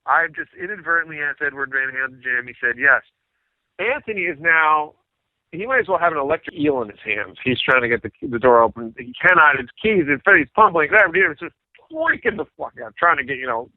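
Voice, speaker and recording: Guy chatting in an interview, lively storyteller doing everyone's lines, sounds like a phone call. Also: on the high side, a little fast, dry recording. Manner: animated, acts out quoted voices. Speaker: musician guest. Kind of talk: casual storytelling. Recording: tinny phone-like line, dry.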